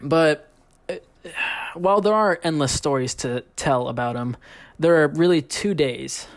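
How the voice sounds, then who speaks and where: A young man narrating a comedic story in a profane, rambling, deadpan way. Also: a little high, measured pace. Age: young adult. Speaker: YouTube storyteller.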